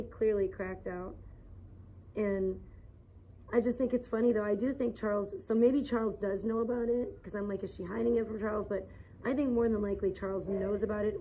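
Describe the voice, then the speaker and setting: A woman's voice: medium pitch, fairly even intonation, normal speed, mellow, a little hiss or hum, rough recording. A woman livestreaming outdoors in the sun, rambling and gossiping in a casual, filler-heavy way.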